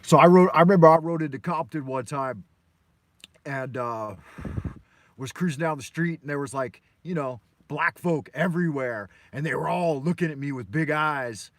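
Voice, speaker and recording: Broadcasting a live morning show from his car, a Los Angeles man spins rambling, profane stories that wander as he goes. He speaks at a normal speed in a fairly high, fairly bright voice.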